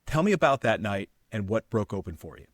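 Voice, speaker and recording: A man's voice: lowish voice, very animated, fairly quick, no room sound. A male podcast host giving an upbeat, polished show intro and asking interview questions.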